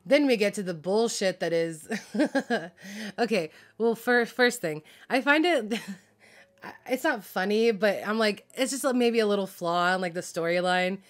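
A woman's voice: medium pitch, animated, a little slow. Woman ranting, heated and profane. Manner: heated, profane, filler-heavy venting with laughs; frazzled, loses track of names. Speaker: drama reaction vlogger. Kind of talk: casual ranting reaction.

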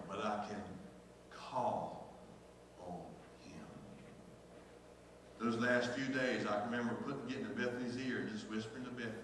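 A man's voice: lowish voice, fairly bright tone, slight background noise. Middle-aged male pastor, emotional sermon, roomy hall reverb, distant mic. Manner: emotional, repeats phrases, calls out to the congregation. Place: church sanctuary. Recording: echoey church hall from far off.

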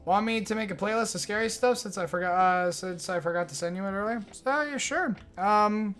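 A man's voice: sits high, a little fast, fairly bright tone, soft background music. A young man streaming games, chatting casually with his viewers in a rambling, profane, joking way. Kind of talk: casual livestream chat while gaming.

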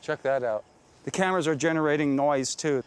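A man's voice: a little high, brisk, clear, resonant tone. Chatty man rambling out in the desert. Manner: rambling, chatty, many fillers and restarts. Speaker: radio hobbyist guide. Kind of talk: casual explaining in the field. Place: outdoors in the desert.

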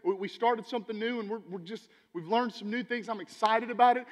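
A man preaching a sermon as pastor, animated, swinging between loud emphasis and quiet asides. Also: extremely high pitch, quick pace, few pauses. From Texas. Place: church sanctuary. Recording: church hall with long reverb.

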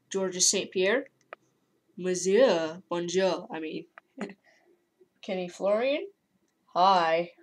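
A woman playing a rambling wrestler host. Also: medium pitch. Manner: rambling, giggly, full of fillers. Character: cocky male wrestler hosting a toy game show. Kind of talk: playing with toy figures.

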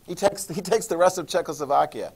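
A man teaching a history class, lecturing in an animated way and quizzing students. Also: on the high side, fast talker, creaky, slightly rough. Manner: animated, acts out countries in jokey voices; asks the class questions.

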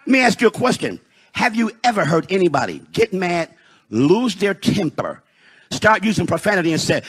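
A pastor from Detroit preaching a sermon in a church, rising into shouted, sung peaks and slowing for emphasis. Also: male voice, high-pitched, very animated, slightly rough. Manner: preaching with shouted, sung rises and dramatic slowdowns. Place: church sanctuary.

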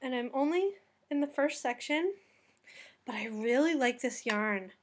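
A high-pitched, expressive woman talks a little slowly while hosting a casual knitting vlog. She's tired, has a cat curled on her lap at home, and keeps digressing and chuckling at her own errors.

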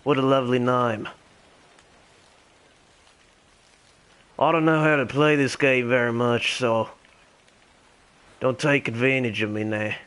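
A man putting on a deliberately bad Australian accent to play a loud, friendly character calling out to other players. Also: medium pitch, fairly even intonation, close to an everyday voice. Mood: cheeky. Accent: put-on Australian. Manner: boisterous, calls out to strangers.

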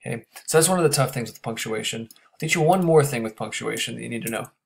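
A man teaching a grammar lesson, explaining step by step and checking in with quick questions. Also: mid-range voice, vocal fry.

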